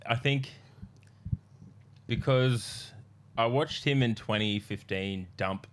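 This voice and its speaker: A man's voice: medium pitch, slow pace. A young man hosting a podcast, chatting casually, joking and swearing as he tells gym stories. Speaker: podcast host. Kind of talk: casual chat.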